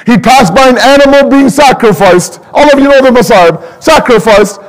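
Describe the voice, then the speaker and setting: A man speaking at a mourning gathering, telling a sorrowful story with emotion and slowing down to stretch words for emphasis. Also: in a large hall, rough recording. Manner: emotional, rising to high pleading pitch in grief passages. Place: community religious center.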